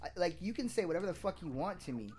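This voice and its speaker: Male co-host, slightly high pitch, frank and profane, rambling delivery. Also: big pitch swings, fast talker, darkish tone, a little hiss or hum. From Puerto Rican family. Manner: candid, profane, rambling with restarts. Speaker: gaming stream co-host. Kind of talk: casual chat.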